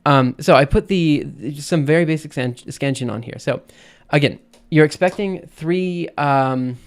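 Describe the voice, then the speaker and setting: A man's voice: on the high side, measured pace. A man on a live stream explaining poetic meter in a casual way, thinking aloud with many fillers and restarts. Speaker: streamer teaching poetry meter.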